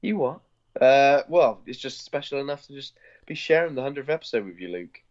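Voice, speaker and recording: A man's voice: medium pitch, expressive, brisk, a little mellow, dull audio. A man with a Bristol accent co-hosting a podcast, rambling and teasing in casual chat. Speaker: podcast co-host.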